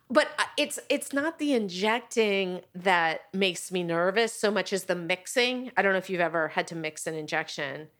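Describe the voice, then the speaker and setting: A woman's voice: on the low side, animated, normal speed, fairly bright tone. Woman guest rambling through a story, acts out what people said. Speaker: podcast guest. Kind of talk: casual chat.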